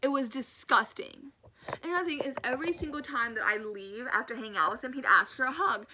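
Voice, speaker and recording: A young woman tells a personal story in a casual vlog, acting out what people said. Her voice sits a little high, and she laughs now and then. Steady background noise runs under the recording. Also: brisk. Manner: animated, acts out quotes, laughs often. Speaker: storyteller vlogger.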